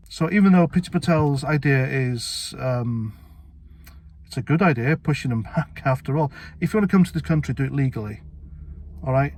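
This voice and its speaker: A man's voice: mid-range voice, darkish tone. A British man giving a blunt, indignant political rant to camera as a vlogger, with sarcastic asides. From Britain.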